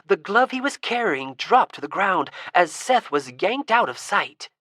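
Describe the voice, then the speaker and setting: A woman narrating an audiobook in a steady, expressive reading style. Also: medium pitch, measured pace, no echo. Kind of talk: scripted narration.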